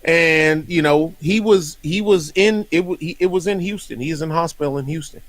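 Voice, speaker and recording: Animated, rambling man from North Carolina. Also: fairly high pitch, normal speed. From North Carolina, USA. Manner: rambling, animated storyteller who laughs often. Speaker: podcast host. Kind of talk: casual chat.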